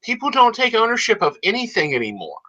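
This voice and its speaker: A man co-hosting a psychic talk show, emphatic and self-assured. His voice is sharp and very bright, and the recording sounds dull and lo-fi. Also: extremely high pitch, wildly swooping pitch, quick pace. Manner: emphatic, confident, calls people honey. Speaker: psychic co-host. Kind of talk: casual chat on a live show. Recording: dull lo-fi audio.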